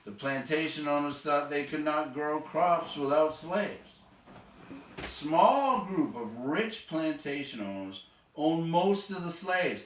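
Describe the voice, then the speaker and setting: A man's voice: a little high, animated, slow, distant mic. A man with a Boston accent, a teacher, reading a textbook chapter aloud and dropping in wry, sardonic asides. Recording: echoey room, voice off-mic.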